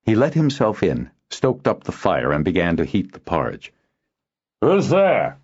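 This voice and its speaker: A man reading an audiobook aloud as narrator, in a steady storytelling delivery. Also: sits low, normal speed, breathy edge, lo-fi sound. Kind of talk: scripted narration.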